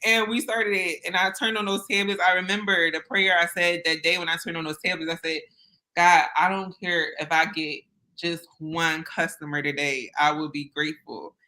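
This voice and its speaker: A woman's voice: lowish voice, steady tone, moderate pace, pushed and bright, rough recording. A woman guest telling her own story in an interview, earnest and candid with casual phrasing. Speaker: interview guest, business owner. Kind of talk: personal storytelling in conversation.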